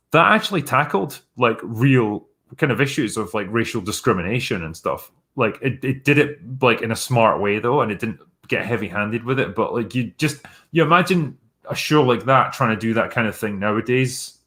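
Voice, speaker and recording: A man's voice: medium pitch, a bit bright. A man hosting a live stream, chatting casually through viewer messages in a blunt, sarcastic way with plenty of swearing.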